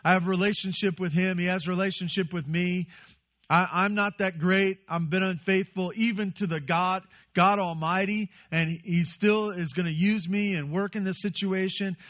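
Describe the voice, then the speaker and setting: A man's voice: high-pitched, fairly even intonation, normal speed, fairly bright tone, dull audio. A male pastor giving a conversational sermon and putting questions to his congregation.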